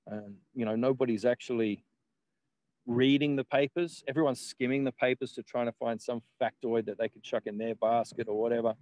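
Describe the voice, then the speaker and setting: A man's voice: medium pitch, steady tone, fairly quick, darkish tone, no room sound, poor audio. Man, guest, rambling casual talk, laughs, swears, dry recording. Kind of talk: casual conversation.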